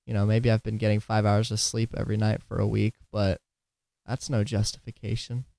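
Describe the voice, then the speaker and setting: Podcast host, male, tired and giggly, rambling casual delivery with some slurring, lowish voice, dry close mic. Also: little pitch movement, a little fast, vocal fry, warm tone, no room sound. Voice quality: drowsy, slurring at times. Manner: giggly, rambling, self-deprecating.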